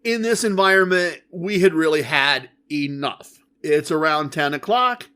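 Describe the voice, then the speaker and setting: A man hosting a podcast, telling a story in a casual, animated and emphatic way. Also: a little high, unhurried, clear, resonant tone. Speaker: podcast host.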